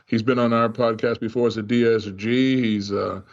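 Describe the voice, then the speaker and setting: A man's voice: mid-range voice, steady tone, normal speed. Chatty Boston man on a dull remote line. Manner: chatty, storytelling. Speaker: podcast co-host, trainer. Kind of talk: casual podcast chat.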